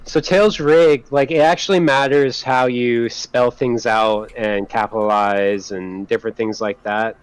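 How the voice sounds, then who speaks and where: A man on a game dev team explaining a technical problem casually, halting and restarting often. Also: mid-range voice, fairly even intonation, smooth, low-quality recording. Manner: halting, many ums and restarts.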